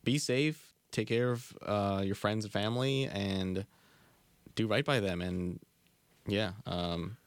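A man as a podcast guest, chiming in with brief, agreeable replies. His voice is lower than most men's, and the recording is dry and close. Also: fairly even intonation, slow pace, no room sound. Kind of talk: casual podcast chat.

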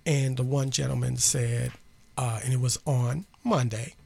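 A male radio host with a gravelly, husky voice, chatting loosely and circling back as he tells a story. He keeps it conversational and asks listeners to call in. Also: medium pitch, fairly even intonation, measured pace, darkish tone. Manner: chatty storyteller, many restarts.

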